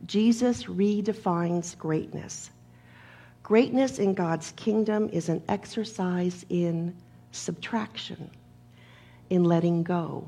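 A woman preacher delivering a sermon in a measured, emphatic manner, leaning on repeated phrases and a gravelly voice. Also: lowish voice, warm tone.

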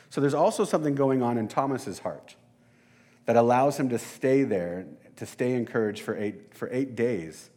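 A man's voice: medium pitch, animated, moderate pace, a little mellow. Guy giving a laid-back sermon, regular mid voice, chatty and kinda self-deprecating. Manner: conversational, self-deprecating, addresses listeners as "you guys". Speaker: preacher. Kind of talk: casual sermon.

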